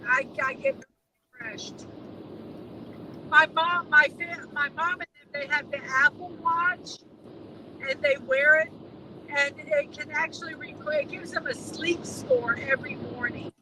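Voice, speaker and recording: A woman with a high voice that swoops up and down chats on a live stream in a rambling, easygoing way. She laughs easily, and loud road noise from the car hums underneath. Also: sing-song, measured pace. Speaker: co-host of a live driving stream. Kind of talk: casual chat.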